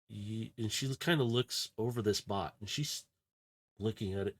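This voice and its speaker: A man's voice: on the low side, unhurried. A man running a tabletop game as game master, narrating loosely with fillers, sounding a bit unwell. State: unwell, coughing.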